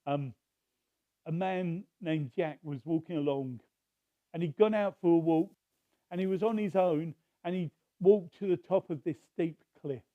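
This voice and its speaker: A man's voice: fairly high pitch, a little slow, no echo, narrow, tinny audio. A man preaching a sermon, telling a story in a conversational way with restarts.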